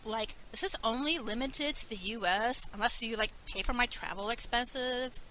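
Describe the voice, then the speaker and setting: A woman's voice: on the high side, moderate pace, sharp tone, a little hiss or hum, low-quality recording. A woman voicing a ditzy valley-girl debt collector in a comedic fake commercial, talking airily and filling every sentence with "like" and "totally". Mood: perky. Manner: airy valley-girl talk, constant "like" and "totally".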